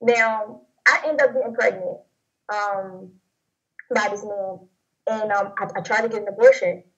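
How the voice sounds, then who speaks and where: A young woman sharing a personal testimony in an interview, talking in a rambling, halting way with many fillers and restarts. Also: mid-range voice, steady tone, a bit bright. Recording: dull lo-fi audio.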